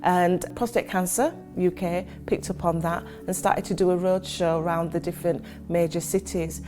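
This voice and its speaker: A woman's voice: fairly low pitch, fairly even intonation, moderate pace, music in the background. A woman who heads a community charity, telling stories in a conversational interview with fillers. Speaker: charity chief executive. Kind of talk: interview testimony.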